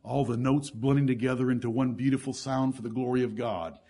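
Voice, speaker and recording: A man's voice: mid-range voice, brisk, mellow. A male pastor preaching a sermon to his congregation, reading scripture aloud and stressing key words.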